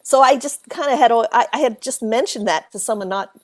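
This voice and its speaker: Woman guest, lively storyteller who acts out the voices of the people in her story, pitched a little high. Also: brisk. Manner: animated, acts out quoted voices, laughs often. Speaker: author and paranormal researcher, guest. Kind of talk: casual storytelling interview.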